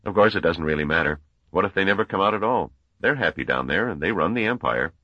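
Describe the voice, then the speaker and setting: Guy doing a friendly but sly stranger, super deep husky voice, dry dull sound. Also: expressive, quick pace, sharp tone, dry recording, heavily acted. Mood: musing. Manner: chatty, knowing. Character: genial but shrewd middle-aged man, chatty.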